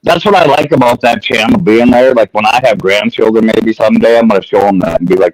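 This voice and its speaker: A man's voice: lowish voice, quick pace, no echo, rough recording. A man on a live radio chat who retells stories casually and swears freely.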